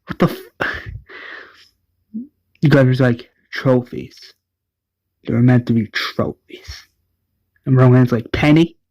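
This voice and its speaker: Slow-talking man recapping a show. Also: mid-range voice, a little mellow, no echo, rough recording. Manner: retells scenes with "is like" quotes and frequent restarts. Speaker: episode recapper. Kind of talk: casual plot recap.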